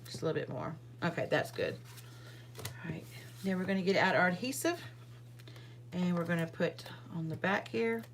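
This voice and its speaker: Chatty low-voiced woman crafter. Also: lively intonation, moderate pace, long pauses, a little hiss or hum. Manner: chatty, rambling, full of fillers and asides to viewers. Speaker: card-making livestream host. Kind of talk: casual live crafting demonstration.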